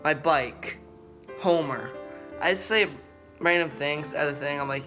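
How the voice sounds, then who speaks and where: Earnest young man with a bright voice. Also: a little high, faint music behind. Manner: earnest, halting, with many restarts. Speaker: vlogger. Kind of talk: personal talk to camera.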